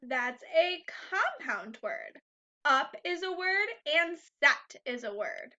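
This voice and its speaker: A woman teacher leading a phonics lesson for young children, speaking slowly and clearly, repeating each word three times and cheering the class on, on a slightly dull, lo-fi recording. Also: sits high, big pitch swings, pushed and bright. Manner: encouraging, upbeat.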